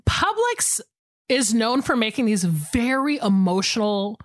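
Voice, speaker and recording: A woman's voice: fairly high pitch, sing-song, unhurried, no echo, clean studio sound. A woman in her thirties co-hosting a podcast, chatting casually and emphatically with many fillers. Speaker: podcast co-host. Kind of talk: casual chat.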